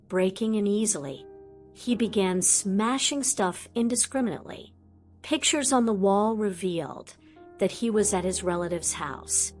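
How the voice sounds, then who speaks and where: A woman reading fan fiction aloud as an audiobook narrator, in steady storytelling delivery. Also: medium pitch.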